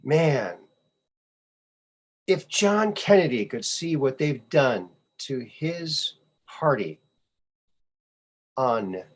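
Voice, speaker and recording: A man's voice: mid-range voice, big pitch swings, slow, long pauses. A male podcast host giving casual commentary on memes, sarcastic and scoffing, often repeating his phrases.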